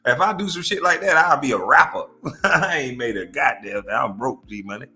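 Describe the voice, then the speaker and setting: A man's voice: medium pitch, lively intonation, brisk, bright, forceful tone. A man in his forties hosting a comedic reaction stream, brash and profane, trash-talking and laughing often. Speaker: livestream host.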